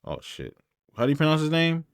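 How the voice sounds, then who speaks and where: A man's voice: fairly high pitch, huge pitch swings, a little fast, smooth, dry recording, studio quality. A man giving blunt, slangy, sarcastic commentary while reacting to a video.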